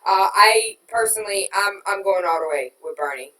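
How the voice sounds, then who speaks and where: A woman hosting a radio talk show, reading out listener comments and venting in an exasperated, emphatic way that swings from loud outrage to quiet disbelief. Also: medium pitch, lively intonation, moderate pace, few pauses. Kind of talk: casual political talk. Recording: roomy and distant from the mic.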